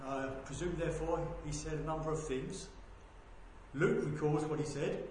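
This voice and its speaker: A man preaching a sermon, swinging between loud proclaiming and quiet, low asides. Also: fairly even intonation, moderate pace, very echoey, slight background noise.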